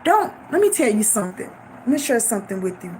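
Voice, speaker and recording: Fervent high-voiced woman preaching her testimony. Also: big pitch swings, fast talker, mellow, a little hiss or hum. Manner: fervent, repeats phrases for emphasis. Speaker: faith testimony vlogger.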